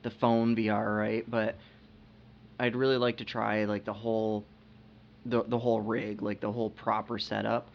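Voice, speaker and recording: A man's voice: on the low side, level tone, moderate pace, gravelly, slight background noise. A man co-hosting a casual podcast chat. He talks hesitantly, repeating his words and using lots of fillers. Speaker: podcast co-host. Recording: dull lo-fi podcast audio.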